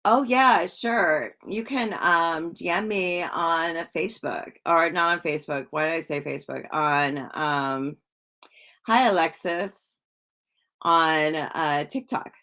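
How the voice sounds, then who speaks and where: A woman's voice: low voice, takes it slowly. A middle-aged woman hosting a casual livestream, chatting with viewers and reading their comments in a rambling way. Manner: chatty and rambling, with frequent restarts and soft laughs. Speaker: psychic livestream host.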